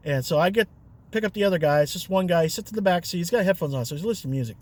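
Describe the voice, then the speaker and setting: A man's voice: high-pitched, animated, very fast, a little mellow. A man, a rideshare driver and vlogger, telling a story in a chatty, loose way with fillers and chuckles. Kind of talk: casual storytelling.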